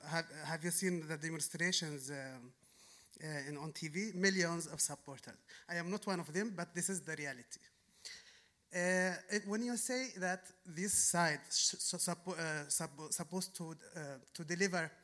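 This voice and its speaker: Yemeni accent guy from the audience, bright higher voice, earnest and argumentative, lots of uh's. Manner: earnest, argumentative, halting with fillers. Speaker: audience member asking a question. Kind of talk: audience question at a public talk.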